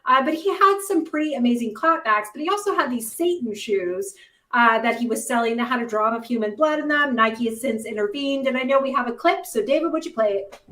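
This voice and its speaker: A woman's voice: a little high, lively intonation, fairly quick, sharp tone, recorded from a distance. Chatty sarcastic woman, echoey and off mic. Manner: chatty, sarcastic, many fillers. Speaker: host. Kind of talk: casual news commentary.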